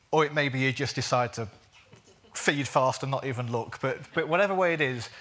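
Male preacher, bright and fairly high voice, earnest with playful asides. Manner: earnest, jokey asides, stretches words for emphasis. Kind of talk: sermon.

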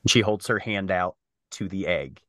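A man narrating a tabletop role-playing game as game master, describing scenes in a halting way with frequent fillers. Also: sits low, bright, forceful tone, no room sound.

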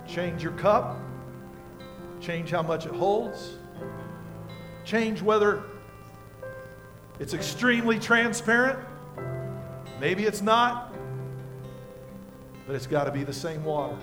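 Older pastor with a high, folksy voice. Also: male voice, lively intonation, slow, pauses often, over music. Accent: American. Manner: folksy storytelling with props, swinging from quiet to loud. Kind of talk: sermon.

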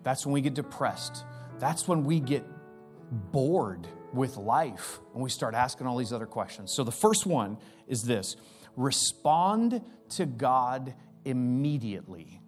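A man in his forties preaching a sermon as pastor, energetic and acting out the voices he quotes. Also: mid-range voice, measured pace, faint music behind.

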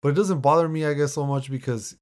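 A man's voice: fairly high pitch, steady tone, fast talker. A man talking loosely about a movie in casual chat, swearing now and then.

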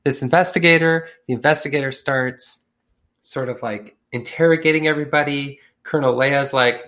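A man's voice: medium pitch, normal speed, fairly bright tone. Man telling a profane, slangy story. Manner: profane, slangy, acts out characters with shifting voices. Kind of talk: casual comedic storytelling.

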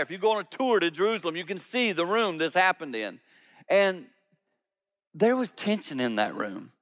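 A lead pastor delivers a sermon full of animated storytelling, swinging between loud, emphatic peaks and quiet, low asides. The recording has a big-room sound.

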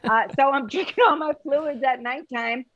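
A woman's voice: normal speed, a bit bright, no room sound, highs cut off. A woman mimicking a fretful female patient in a whiny, nasal voice. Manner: high, nasal complaining tone.

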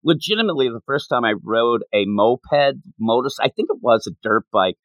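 A man's voice: medium pitch, lively intonation, moderate pace, fairly bright tone, dry recording, muffled recording. A young man co-hosting a manga podcast, retelling scenes with playful voices. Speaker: podcast co-host. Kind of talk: casual manga discussion.

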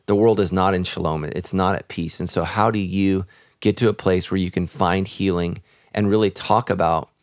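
A man's voice: deep voice, steady tone, moderate pace, no echo, clean studio sound. A man, a pastor, speaking earnestly and reflectively in a podcast conversation about faith.

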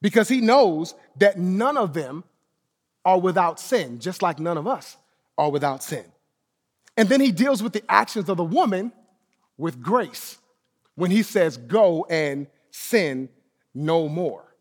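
High-voiced preacher in an echoing hall. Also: male voice, sing-song, a little slow, pauses often, slightly rough. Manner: emphatic preaching, repeats key phrases, drops to soft low endings. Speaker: pastor. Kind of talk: sermon.

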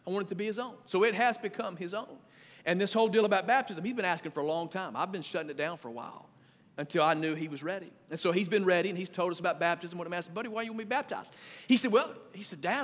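A man in his thirties preaching a sermon as pastor, conversational and animated, swinging between loud and quiet. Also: sits high. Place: church sanctuary. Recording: long reverb of a church hall.

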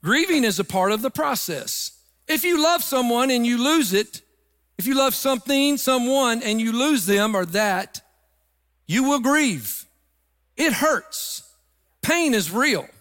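Man, middle-aged, high voice, emphatic pastor, preaching a sermon. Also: expressive, measured pace, a bit bright, long reverb tail. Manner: emphatic preaching, swelling into sung phrases.

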